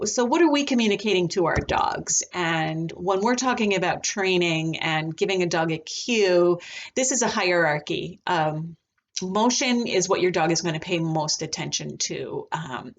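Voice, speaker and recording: A woman teaching a recorded lesson on dog behavior, talking in a relaxed, chatty way with frequent ums. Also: lowish voice, moderate pace, muffled recording, a little hiss or hum. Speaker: dog trainer.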